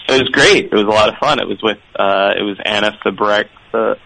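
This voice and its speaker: A man from Philadelphia calls in to a radio show. He talks in a low-key, hesitant way and often stumbles over his first words. His voice is fairly low and sounds dry and close. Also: brisk, gravelly, sharp tone, no echo, low-quality recording. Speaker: caller. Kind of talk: phone call-in chat.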